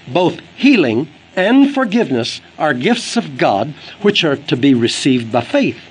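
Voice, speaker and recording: For an audiobook, an evangelist preacher delivers an earnest, emphatic sermon, quoting scripture as he goes. His voice is fairly high and slightly rough, and the recording is low quality.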